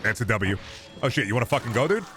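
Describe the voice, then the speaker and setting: A man streams a video game and chats casually, rambling and joking at his own expense. His voice sits at an ordinary middle pitch with a faint hiss behind it. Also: lively intonation, quick pace. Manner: rambling, joking, self-deprecating. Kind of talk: casual gaming stream commentary.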